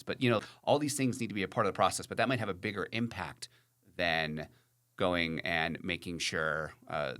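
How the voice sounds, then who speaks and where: A man's voice: very deep voice, fairly bright tone. A man hosting a podcast in casual chat, frank and rambling, full of "like" and "you know".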